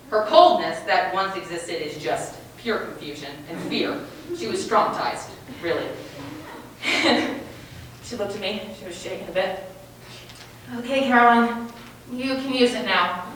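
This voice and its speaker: A young woman telling a stand-up story on a small theater stage, animated and giggly. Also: medium pitch, a little hiss or hum. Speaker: comedian. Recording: echoey stage from far off.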